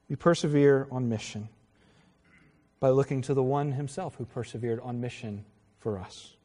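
A middle-aged man, a pastor, preaching in an earnest, conversational way with pauses and self-corrections. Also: mid-range voice, mellow. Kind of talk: sermon. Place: church sanctuary. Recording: reverberant hall.

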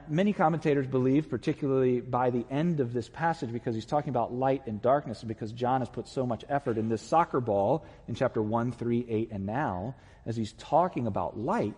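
Husky-voiced man preaching in a reverberant hall. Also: a little high. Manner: impassioned preaching, builds to loud emphatic peaks. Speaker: pastor. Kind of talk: sermon. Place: church sanctuary.

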